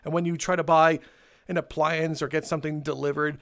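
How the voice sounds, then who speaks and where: A young man telling a casual story for his video channel, animated and swearing, laughing between lines and acting out what people said. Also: on the high side, brisk. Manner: animated, swearing, laughs mid-sentence, acts out quotes. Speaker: storytelling YouTuber.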